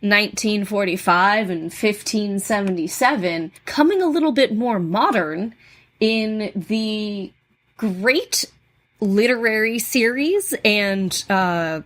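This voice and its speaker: A woman from New England co-hosting a podcast, telling spooky folklore in a relaxed, casual way with plenty of ums and uhs. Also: medium pitch, takes it slowly. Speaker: podcast co-host. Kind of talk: casual chat, storytelling folklore.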